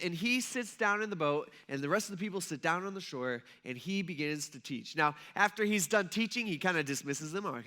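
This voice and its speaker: A man's voice: high voice, lively intonation, normal speed, few pauses, bright, forceful tone. A male pastor giving a casual, conversational sermon. He tells the story loosely, acts out the voices of the people in it, and fills his speech with "kinda" and "like".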